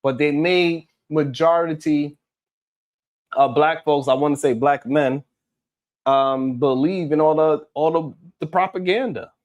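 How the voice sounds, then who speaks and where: Man hosting a live stream with a fairly high voice; blunt, fired-up, swears freely and calls on viewers by name. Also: a little slow, a little mellow, dull audio. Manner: outspoken and heated, swearing often. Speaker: live stream host reading viewer comments. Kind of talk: casual live stream talk.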